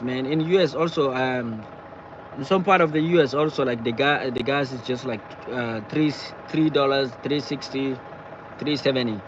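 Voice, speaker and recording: A man chatting casually on a live stream from his car, talking in halting bursts and repeating himself as he answers viewers. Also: fairly high pitch, fairly bright tone, dull audio, a little hiss or hum. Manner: halting, repeats words and phrases often. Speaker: livestreamer reading viewer chat. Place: in or beside a parked car.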